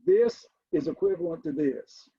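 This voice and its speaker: A middle-aged man, a college math instructor, giving a recorded lecture, stressing key points emphatically and addressing the class as ladies and gentlemen. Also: on the high side, moderate pace, breathy edge, no room sound, lo-fi sound.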